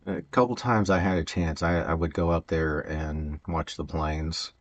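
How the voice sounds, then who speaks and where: A man's voice: a bass voice, fairly even intonation, unhurried, a little hiss or hum. A man chatting casually and rambling while he works on a Lego build, hesitant, with many fillers and stutters and frequent chuckles. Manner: chuckles often.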